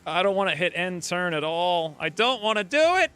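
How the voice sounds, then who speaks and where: A man streaming a strategy game, talking excitedly over the play and crying out when his fighters get hit. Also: sits high, moderate pace, clear, resonant tone. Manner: animated, yelps and cries out at hits. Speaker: gameplay streamer. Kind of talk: excited gameplay commentary.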